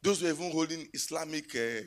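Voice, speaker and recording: A man preaching a sermon in a church, telling stories and rising to loud exclamations. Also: on the high side, quick pace.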